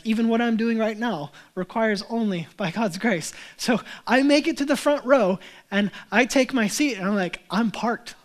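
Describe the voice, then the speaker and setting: A young man preaches from the pulpit and tells a story along the way, acting out the voices of the people in it. His voice sits high for a man, and his delivery is animated. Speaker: pastor. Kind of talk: sermon with personal story.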